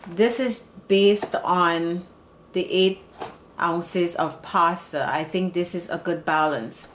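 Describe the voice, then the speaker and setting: In her home kitchen, a woman of Serbian background hosts a home cooking channel demonstration, chatty and meandering, often restarting her sentences. Her voice is lowish and slow, with slight background noise.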